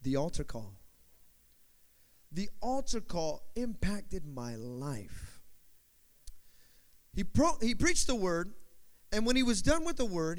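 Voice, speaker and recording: A man preaching a sermon, telling a story with animated delivery and repeating phrases for emphasis. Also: sits high.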